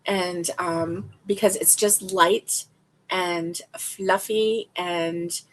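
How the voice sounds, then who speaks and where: A woman's voice: fairly low pitch, fairly even intonation, drawn-out words, a bit bright, a little hiss or hum. A woman hosting a casual crochet livestream, reading stitch descriptions aloud and reacting with delight.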